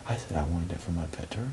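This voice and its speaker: A man in a shared bedroom at night, telling rambling, profane stories in a casual late-night chat. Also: low-pitched. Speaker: reality show houseguest. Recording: hissy live-feed audio.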